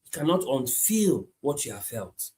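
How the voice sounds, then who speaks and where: A man preaching a sermon, repeating his points emphatically and moving between hushed lines and loud climaxes. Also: medium pitch, big pitch swings, unhurried. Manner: repetitive, emphatic, swings from hushed to shouting.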